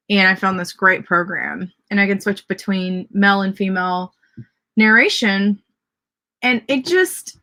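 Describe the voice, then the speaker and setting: With a medium-pitched voice that's bright and forceful, a Southern-accented livestream host chats her way through a casual writing sprint. She cheers the word counts and comments her viewers send in.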